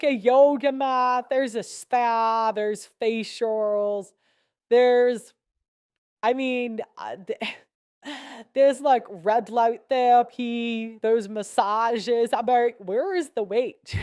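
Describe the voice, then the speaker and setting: A woman's voice: on the high side, a little mellow, clean tone, no room sound, clean studio sound. A young woman giving blunt, sarcastic commentary as a podcast host, laughing between points. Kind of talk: casual opinionated commentary.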